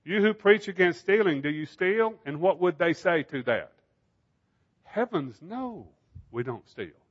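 A man's voice: on the high side, lo-fi sound. A man preaching a Bible study sermon in an emphatic style, asking rhetorical questions.

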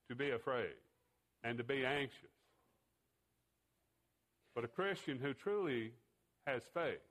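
A man preaching a sermon, telling a story with pauses and fillers. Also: mid-range voice, a bit bright, poor audio.

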